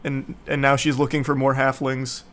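A man's voice: mid-range voice, monotone, normal speed, a bit bright. A young man giving casual, sarcastic movie commentary in a rambling, mocking way. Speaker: YouTube commentator.

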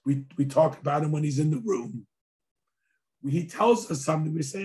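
A man who is a rabbi gives a conversational lecture, telling a story with dry humor in a hoarse voice. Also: on the high side, brisk. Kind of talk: sermon-style lecture with storytelling.

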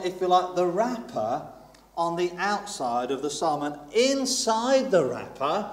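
High-voiced preacher in an echoey church. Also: male voice, expressive, unhurried. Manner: chatty, self-deprecating, emphatic repetition. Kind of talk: sermon. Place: church hall. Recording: echoey church hall with long reverb.

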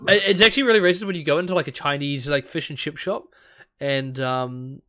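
A man with a New Zealand accent co-hosts a podcast in casual chat, rambling, laughing and often restarting his sentences. His voice is a little high and fairly bright, and he talks a little fast.

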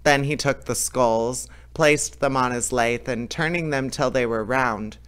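A man reading a fairy tale aloud in a lively way, with small slips and restarts. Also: medium pitch, unhurried, clean tone. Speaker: storyteller.

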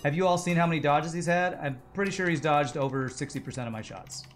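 A man's voice: a little high, fast talker, slight background noise. Joking, cursing male game streamer. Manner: joking, rambling, profane. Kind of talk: live gaming commentary.

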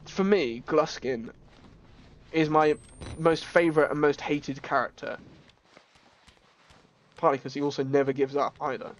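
A man commentates on a horror game as he plays it, jokey and excitable, with sudden yelps. His voice sits a bit high, and faint music runs underneath. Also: muffled recording. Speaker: streamer. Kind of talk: gaming commentary.

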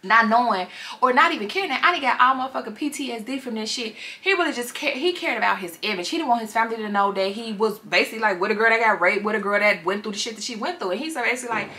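A woman vlogger recapping a movie in casual, profane, animated slang. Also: on the high side, very fast.

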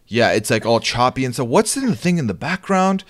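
Flustered man with a lively voice. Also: medium pitch, brisk. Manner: flustered, repeats himself. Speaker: streamer and host. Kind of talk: casual gaming chat.

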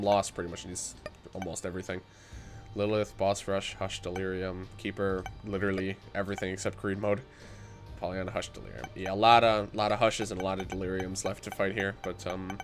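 A man's voice: low-pitched, flat delivery, a little fast, soft background music. A young man livestreaming a game while sick and tired, chatting casually with viewers, with frequent fillers, restarts and the odd voice crack. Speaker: gaming livestreamer.

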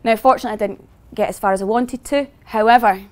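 A woman's voice: a little high, fairly even intonation, fast talker, darkish tone. A woman guest speaker giving an earnest, grateful public speech with some hesitations.

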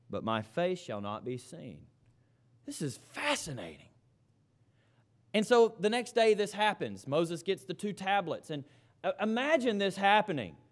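A man preaching a sermon in church, reading scripture aloud and then explaining it with emphatic repetition. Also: high voice.

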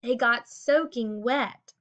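A woman narrating a children's book aloud with a steady, expressive reading. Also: fairly high pitch, slow. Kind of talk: storybook read-aloud. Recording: dull lo-fi recording.

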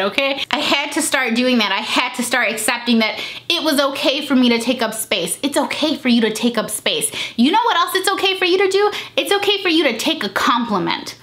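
A young adult woman talking casually and openly in a vlog, chatty and animated, jumping into high voices when she quotes people. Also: fairly quick, hardly any pauses. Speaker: vlogger. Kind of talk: casual confidence chat.

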